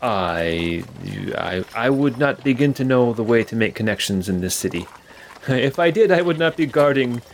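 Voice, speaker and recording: A man's voice: medium pitch, expressive, moderate pace, a little hiss or hum, close to an everyday voice. A man voicing a male city guard who is polite and evasive, speaking hesitantly with many fillers.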